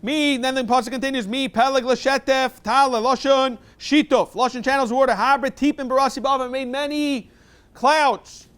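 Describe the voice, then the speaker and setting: A man leading a Talmud review class, reading Aramaic lines quickly and explaining them in plain English. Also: very high-pitched, fairly even intonation, a bit bright, smooth.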